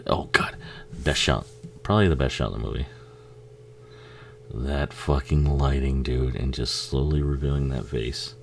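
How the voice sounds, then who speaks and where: A man's voice: extremely low pitch, measured pace, creaky, long pauses, slight background noise. A man giving a casual, rambling watch-along commentary on a film, swearing freely and laughing often.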